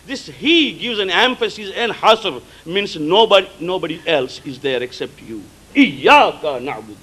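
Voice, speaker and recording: A male preacher whose first language is Gujarati, giving a sermon in an emphatic way, repeating key words and explaining terms slowly. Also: sits high, big pitch swings, a bit bright, breathy edge, low-quality recording. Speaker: religious preacher.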